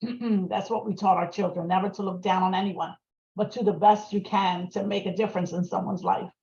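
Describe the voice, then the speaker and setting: A middle-aged woman speaking as a guest on a video call, giving a personal testimony in an emotional, earnest way with frequent pauses. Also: mid-range voice, steady tone, dark tone, echoey room. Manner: emotional, earnest, pausing often. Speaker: guest speaker, survivor advocate. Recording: muffled lo-fi video-call audio.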